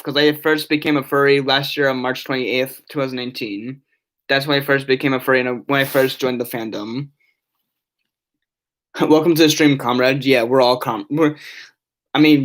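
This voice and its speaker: A man's voice: medium pitch, a bit bright. A young man live-streaming from his bedroom, rambling to his chat with many restarts and fillers.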